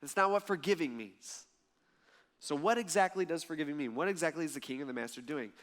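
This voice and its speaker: A male pastor preaching a sermon, telling a parable with lively, animated delivery. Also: fairly high pitch. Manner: lively storytelling preacher, acts out voices in the parable.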